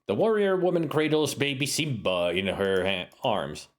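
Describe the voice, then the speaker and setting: A man's voice: medium pitch, moderate pace. A man streaming a game, reading its text aloud and joking about his own accents. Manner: joking, self-mocking asides. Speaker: streamer playing a video game.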